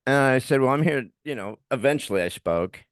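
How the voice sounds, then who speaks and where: A middle-aged man co-hosting a podcast, telling a story in a casual, animated way and laughing often as he talks. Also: mid-range voice, a little fast, no room sound, studio quality. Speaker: podcast co-host.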